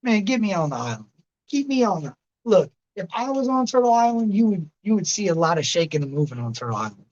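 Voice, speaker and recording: A man's voice: sits high, big pitch swings, quick pace, darkish tone, muffled recording. A man in his late thirties hosting a livestream, rambling casually and answering chatters by name. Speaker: livestream host reading chat.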